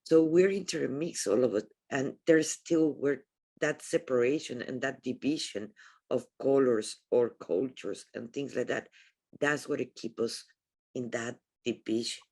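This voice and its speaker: A woman's voice: a bass voice, unhurried, a little mellow, husky. A woman hosting a podcast, speaking in an earnest, reflective tone during a casual conversation. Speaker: podcast host.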